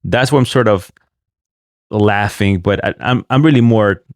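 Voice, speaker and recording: A fairly low-pitched man talks through video clips and translates them as he goes. His tone is mocking and sarcastic, and he jabs at what he has just relayed. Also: measured pace, no echo, studio quality. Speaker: online commentator.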